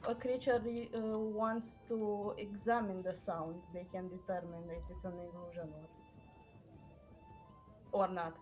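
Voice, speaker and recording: A woman playing in an online tabletop game, arguing her case quickly with restarts. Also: lowish voice, level tone, a little mellow, soft background music. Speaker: player. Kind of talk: casual game chat.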